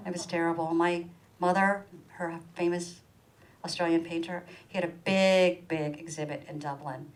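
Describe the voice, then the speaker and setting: A middle-aged woman delivers a stand-up comedy set in a small performance room. She is animated and storytelling, her pitch leaping up sharply whenever she acts out someone else's words. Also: moderate pace, low-quality recording. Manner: animated, acts out quoted voices with big pitch jumps.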